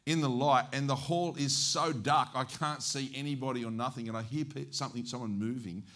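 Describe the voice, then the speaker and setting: A man with an Australian accent preaching as an evangelist, telling stories in a lively way and acting out the dialogue. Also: medium pitch, brisk. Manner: animated, acts out dialogue. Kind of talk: storytelling sermon.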